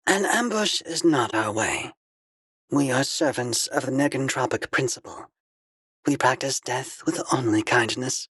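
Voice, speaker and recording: A man's voice: mid-range voice, lively intonation, unhurried, a bit bright, husky, no echo, voice pushed up. A man voicing a blindfolded alien woman emissary, a serene fanatic who speaks in solemn ritual pronouncements. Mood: serene menace.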